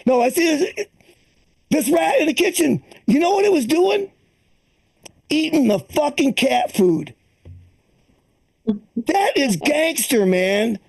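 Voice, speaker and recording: A high-pitched, gravelly older man in his sixties works through a stand-up set, swearing freely and rambling from bit to bit. He slips into the voices of the people in his stories as he goes. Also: a little mellow. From Boston area. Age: 60s. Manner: profane, rambling, acts out quoted voices. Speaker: stand-up comedian. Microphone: streamed online comedy show.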